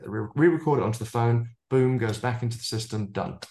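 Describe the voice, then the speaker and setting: A man's voice: mid-range voice, quick pace, a little mellow. A man talking as a futurist guest in a casual interview, piling up examples and joking about how he says words. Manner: expansive, piles up examples, jokes about his own pronunciation. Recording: roomy echo.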